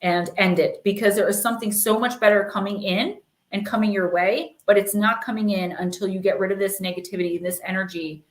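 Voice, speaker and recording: A woman's voice: mid-range voice, steady tone, brisk, reverberant. Chatty woman reading oracle cards. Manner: chatty, filler-heavy, reassuring. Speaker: oracle card reader and live-stream host. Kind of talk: casual live-stream chat and card reading.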